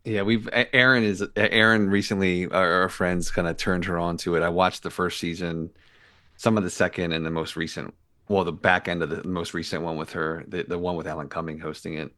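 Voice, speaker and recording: A man's voice: sits low, little pitch movement, brisk, sharp tone. A man co-hosting a movie podcast, talking casually with some hesitation. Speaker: podcast co-host. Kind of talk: casual chat.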